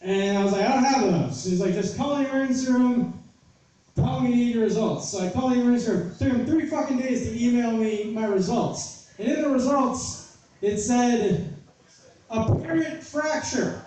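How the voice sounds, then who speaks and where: A man's voice: very high-pitched, normal speed, dark tone. A man casually telling a story, profane and exasperated, acting out the people he quotes. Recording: roomy echo from far off with faint noise.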